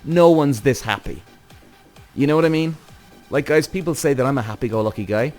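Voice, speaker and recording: A man hosting a podcast, giving casual, rambling commentary on a TV series, animated and swearing often. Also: medium pitch, brisk, soft background music. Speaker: podcast host.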